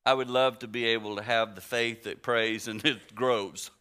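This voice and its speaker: A man in his sixties preaching a story-driven sermon in a conversational way, moving between hushed and emphatic. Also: medium pitch, steady tone, moderate pace, clear, resonant tone. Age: 60s.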